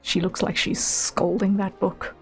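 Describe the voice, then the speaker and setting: A woman's voice: mid-range voice, little pitch movement, unhurried, darkish tone, faint music behind. A woman game streamer chatting casually while playing, musing and thinking aloud with small repeats.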